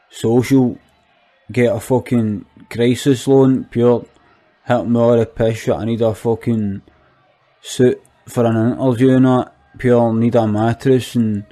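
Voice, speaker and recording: Lightly acted by a man with a mid-range, dark-toned voice, this comic monologue character is a sweary Glaswegian chancer, a skint, foul-mouthed young man full of incredulity. His rant rambles, repeats itself and is packed with swearing.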